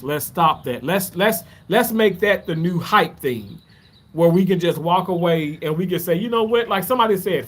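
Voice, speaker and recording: A man with a notably high-pitched voice talks loosely to his live-stream audience. He rambles in a heartfelt way and keeps circling back to thank his viewers. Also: normal speed. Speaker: livestreamer answering chat. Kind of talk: casual live stream chat.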